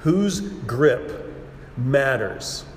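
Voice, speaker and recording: Slow, emphatic preacher in a reverberant hall. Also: male voice, mid-range voice, animated. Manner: measured, emphatic preaching with repetition and dramatic pauses. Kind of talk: sermon. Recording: roomy hall with long reverb and faint background noise.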